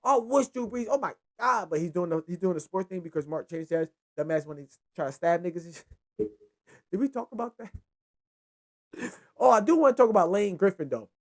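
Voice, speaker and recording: A young man hosting a casual solo football recap, rambling and excitable, with frequent profanity. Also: high voice, a little fast. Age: young adult. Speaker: sports show host.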